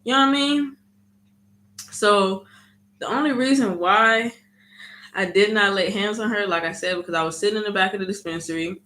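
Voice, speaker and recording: Woman vlogger with a bright voice, lively storyteller who acts out the dialogue. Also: mid-range voice, normal speed, long pauses. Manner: animated storytelling, frequent "you know what I mean". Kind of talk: casual storytime vlog.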